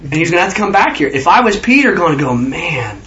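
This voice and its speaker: A man's voice: sits high, very animated, rapid-fire, fairly bright tone, highs cut off, a little hiss or hum. A man leading an informal Bible study, rambling through his points and acting out the figures he quotes. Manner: rambling, acts out scripture figures.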